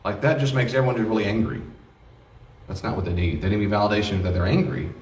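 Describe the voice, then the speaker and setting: A man's voice: fairly low pitch, fast talker, darkish tone. A man teaching a class on grief, speaking earnestly and acting out short exchanges as examples. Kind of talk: classroom lecture with role-play examples. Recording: echoey room, mic far off, faint noise.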